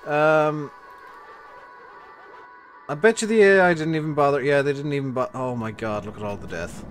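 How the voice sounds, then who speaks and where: A man's voice: a little high, normal speed, soft background music. A man livestreaming a strategy game, commentating and bossing and swearing at his troops. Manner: bossy, swearing at his units. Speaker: game streamer. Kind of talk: live gameplay commentary.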